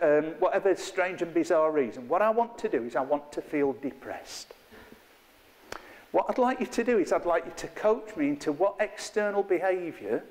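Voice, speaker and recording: Guy running a workshop, bit high voiced, jokey and self-deprecating, talking to a room of people. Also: a little mellow, big-room sound. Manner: chatty, self-mocking, playful. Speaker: workshop trainer. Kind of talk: interactive workshop teaching. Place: training room with a live group.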